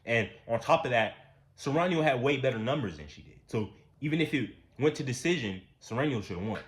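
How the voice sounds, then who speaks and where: A man rants in loose, profane commentary, his voice swooping up and down as he circles back over the same points. He pushes into near-shouts when he gets heated, then drops low and muttering again. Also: fairly quick. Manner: animated, repetitive, profane, rising to near-shouts when worked up. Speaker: commentary channel host. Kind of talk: casual ranting commentary.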